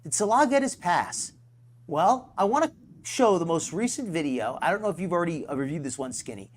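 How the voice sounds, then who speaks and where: A man's voice: on the high side, animated, a little fast. A man hosting a live stream, rambling and sarcastic, poking fun at himself. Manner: rambling, sarcastic, self-deprecating.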